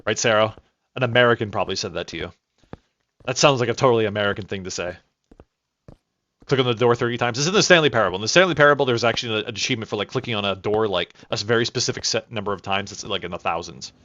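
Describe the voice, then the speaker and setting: A man streaming a game with casual, rambling commentary, excitable, with restarts and swearing. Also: on the low side, rapid-fire. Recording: dull lo-fi dry mic.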